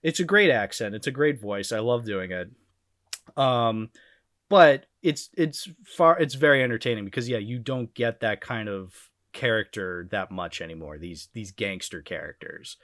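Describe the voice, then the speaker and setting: A man's voice: on the low side, normal speed, fairly bright tone, no room sound, studio quality. A man chatting casually on a podcast about old cartoons, laughing often and restarting his sentences. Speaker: podcast panelist.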